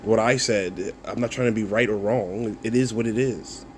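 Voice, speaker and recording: A man's voice: lowish voice, steady tone, normal speed, slight background noise. A content creator, a man, replying to viewer comments in a casual rant, mocking and swearing, breaking into laughs and repeating himself.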